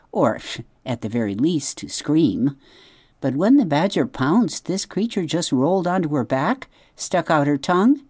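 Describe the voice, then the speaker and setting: A woman hosting a show and reading a children's book aloud in a calm, expressive storytelling voice. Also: low-pitched, no room sound. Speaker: host and children's book reader.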